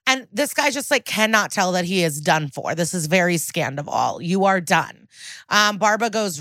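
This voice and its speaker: A woman's voice: lowish voice, moderate pace, no echo. Woman podcast host doing a tv recap, acts out the lines, swears a lot, dry close sound. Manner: animated, acts out characters' lines; swears freely and editorializes. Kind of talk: casual chat.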